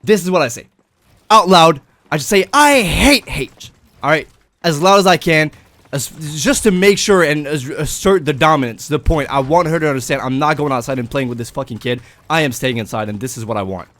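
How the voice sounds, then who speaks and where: A young adult man telling a personal story in a casual vlog, animated and swearing. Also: mid-range voice, fast, no room sound. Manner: animated, swearing, breaks into laughter. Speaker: vlogger.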